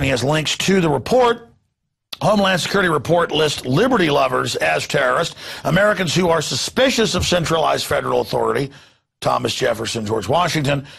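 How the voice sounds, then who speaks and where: A man hosting a news show with a gravelly, raspy voice pitched a little high. He rants in a heated, mocking tone, swinging from loud bursts to low muttered asides. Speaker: host. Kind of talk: ranting news commentary.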